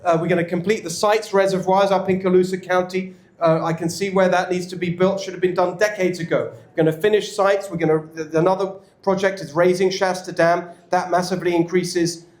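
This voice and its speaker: A man with an English accent answering audience questions at a campaign event, emphatic and energetic. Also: high-pitched. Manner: emphatic and energetic, quick restarts. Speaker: political candidate speaking at a club event. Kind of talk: campaign Q&A speech. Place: indoor event room with an audience. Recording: echoey room.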